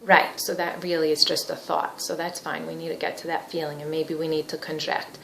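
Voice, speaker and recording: A woman therapy trainer teaching through role-play, explaining her steps and gently probing and validating as the therapist. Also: low-pitched, steady tone, moderate pace, gravelly, slight background noise. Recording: echoey room.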